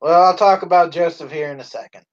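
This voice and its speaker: A man co-hosting a live stream in casual chat, swearing a lot, laughing and shouting out quoted lines. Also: fairly high pitch, quick pace, muffled recording. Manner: profane, laughing, acts out quoted lines loudly.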